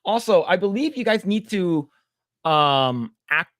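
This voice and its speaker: A man's voice: high voice, expressive, unhurried, a bit bright, dry recording, clean studio sound. A man co-hosting a casual livestream, stammering and repeating words as he reads the chat aloud. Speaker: podcast co-host.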